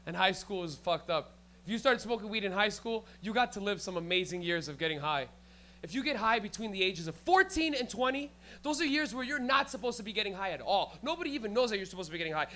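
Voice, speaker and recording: Performing live in a comedy club, a young man riffs with the audience through a loose, profane set and cracks himself up. His voice is high-pitched, bright, and forceful, with a little background noise.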